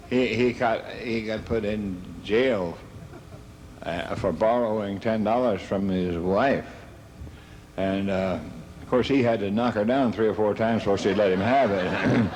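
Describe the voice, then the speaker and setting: Older man, slow halting comic drawl. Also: on the low side, a little mellow, a little hiss or hum. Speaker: comedian. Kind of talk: stand-up storytelling.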